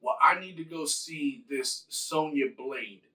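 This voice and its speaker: A man's voice: fairly high pitch, slow pace, bright, forceful tone, recorded from a distance, poor audio. A man playing a grave, solemn thunder god. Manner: solemn, formal.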